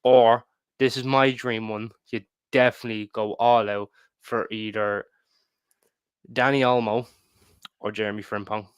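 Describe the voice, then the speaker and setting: A man's voice: fairly low pitch, little pitch movement, unhurried, pauses often, clear, resonant tone, no echo. A man with an Irish accent chatting casually as a podcast co-host, sprinkling in lots of "you know". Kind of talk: casual chat.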